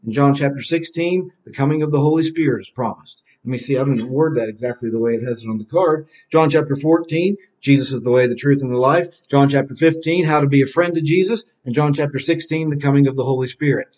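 The recording is dull and lo-fi as a man with a darkish, mid-range voice leads children through a Bible lesson. He quizzes them, slowly answers his own questions, and repeats key phrases in call-and-response drills.

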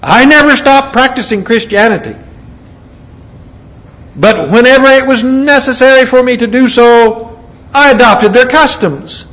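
A man's voice: extremely high pitch, a little slow, a bit bright. An American man preaching a sermon, mixing scripture readings with folksy asides. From United States. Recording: dull lo-fi recording with faint background noise.

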